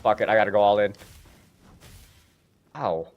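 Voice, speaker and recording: A man streaming gameplay, reacting out loud with quick exclamations as he plays. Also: fairly low pitch, lo-fi sound. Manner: excitable, exclaiming at the game. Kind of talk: live gameplay commentary.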